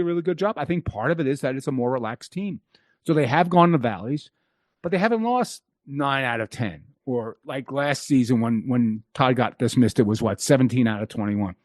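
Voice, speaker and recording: A man's voice: fairly high pitch, expressive, fairly quick, a little mellow, no room sound, studio quality. A man talking as a guest on a hockey podcast, rattling on with repeated and restarted phrases. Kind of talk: casual podcast chat.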